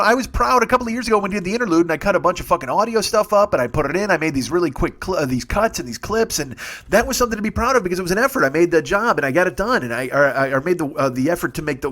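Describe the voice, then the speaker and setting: Brief: forties male comic host, quick, profane, rambling home-podcast monologue. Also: on the high side, fairly bright tone. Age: 40s. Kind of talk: solo comedy monologue. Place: home studio. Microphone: studio mic with earbuds.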